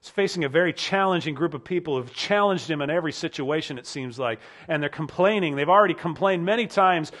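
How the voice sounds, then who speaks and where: A male pastor preaching a sermon earnestly, often dropping low and quiet to stress a point. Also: fast, few pauses.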